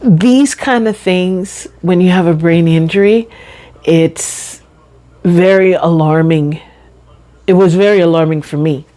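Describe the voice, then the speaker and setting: A middle-aged woman talking slowly and deliberately in a personal vlog, carefully enunciating her words and chatting casually. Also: fairly low pitch, warm tone. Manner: chatty, says y'all and you know. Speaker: vlogger.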